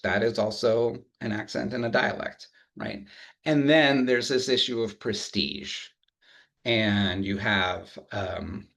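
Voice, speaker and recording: A man giving an academic lecture in a relaxed, humorous way, with frequent fillers and self-corrections. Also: on the low side. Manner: relaxed, humorous, thinks aloud with many restarts. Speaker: university lecturer.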